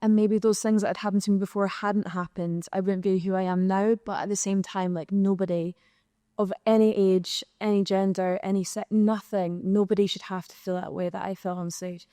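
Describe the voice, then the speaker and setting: Scottish young woman, dry mellow voice. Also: mid-range voice, normal speed, dry recording. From Scotland. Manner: animated storytelling, acting out quoted exchanges. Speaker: singer and guest. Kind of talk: candid panel conversation. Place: live podcast recording in an arts venue.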